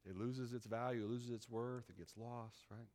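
A man's voice: mid-range voice, fairly even intonation, moderate pace, darkish tone, in a large hall. A man preaching a sermon in a folksy, conversational way, often asking his listeners "right?".

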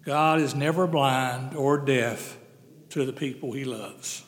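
A man preaching a sermon as pastor, earnest, slowing down to stress key phrases. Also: mid-range voice. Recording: long hall reverb.

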